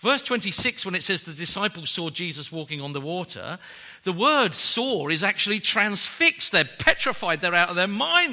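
A man preaching with a high, bright voice that leaps around in pitch. He moves from ringing declarations to near-whispered, drawn-out phrases as he builds his sermon. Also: big pitch swings. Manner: dramatic preaching that swings from loud to hushed.

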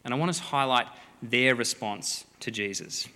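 A man preaching a sermon, a lively, joking storyteller who acts out the people in the story. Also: mid-range voice, moderate pace. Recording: long hall reverb.

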